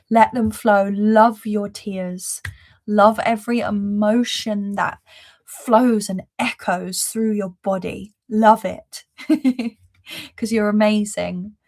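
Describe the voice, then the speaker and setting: A woman leads a live-streamed spiritual reading in a gentle, effusive voice that keeps returning to reassurance. She talks slowly and lets pauses settle, and her pitch sits in an easy middle range. Soft laughs slip in between her phrases. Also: fairly even intonation. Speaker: spiritual reader and host.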